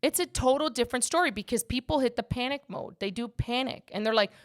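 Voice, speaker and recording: A woman's voice: on the high side, quick pace. A woman hosting a casual podcast as a mortgage agent, talking with emphatic passion and speaking straight to her listeners.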